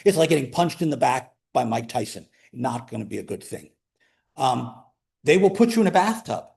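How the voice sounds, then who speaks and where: A man teaching a calculus class, explaining in a chatty way with joking asides, sometimes drawing words out and sometimes rushing. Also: medium pitch, gravelly, darkish tone. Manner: pace swings between slow emphasis and quick runs. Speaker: math instructor. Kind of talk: classroom lecture.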